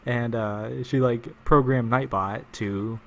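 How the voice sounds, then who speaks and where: A man's voice: medium pitch, steady tone, slow pace, creaky, a little hiss or hum. A man live-streaming a game, chatting casually with viewers, joking and rambling with frequent chuckles.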